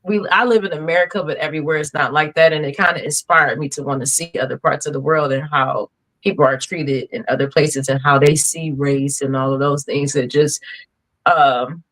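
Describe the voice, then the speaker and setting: Bright-voiced woman telling lively stories. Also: deep voice, a little fast, poor audio. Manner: animated storyteller, laughs through her stories. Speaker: podcast guest, singer. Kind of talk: casual chat.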